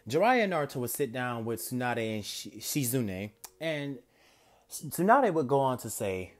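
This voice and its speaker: A man's voice: mid-range voice, big pitch swings, moderate pace. Rambling male fan-fiction storyteller. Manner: rambling, self-correcting. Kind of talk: casual improvised fan-fiction narration.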